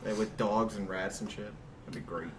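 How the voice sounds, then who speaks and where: A man's voice: fairly low pitch, fairly even intonation, moderate pace, a crowd in the background. A man hosting a casual dual commentary over a shooter match, laid-back and chuckling with his friend. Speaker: channel host, gameplay commentator.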